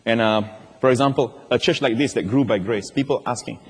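A man's voice: mid-range voice, steady tone, fast, slightly rough. A male pastor preaching emphatically to his church, asking the congregation questions and repeating key words. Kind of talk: sermon. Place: large church. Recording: long hall reverb.

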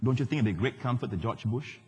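A middle-aged male pastor preaching a sermon, animated, swinging between loud declarations and hushed asides. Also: mid-range voice, fast talker, breathy edge, dull audio. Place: large church hall. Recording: live church hall with long reverb.

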